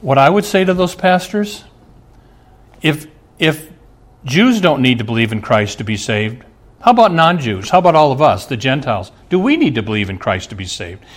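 A man's voice: medium pitch, big pitch swings, normal speed. A middle-aged male pastor preaching a sermon, earnest, asking the congregation rhetorical questions.

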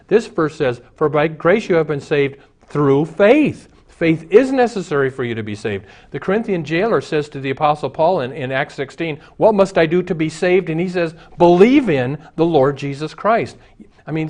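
A man preaching a sermon as a pastor, telling stories and jokes and acting out the voices in them. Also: on the high side.

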